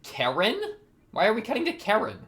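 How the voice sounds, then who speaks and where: A man hosting an anime reaction video, talking back to the screen and swinging from quiet muttering to excited outbursts. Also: sits high, fairly quick. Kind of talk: casual anime reaction commentary.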